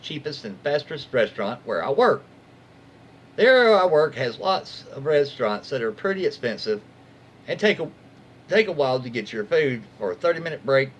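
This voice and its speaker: A man's voice: mid-range voice, slight background noise. A man reading online stories aloud in a casual way, stopping for chatty asides and reactions. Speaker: reddit story reader.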